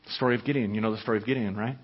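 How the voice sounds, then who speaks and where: A pastor preaching a sermon, emphatic and conversational, often asking the listeners questions. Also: male voice, on the low side, fairly even intonation, racing, husky. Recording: echoey hall, dull lo-fi sound.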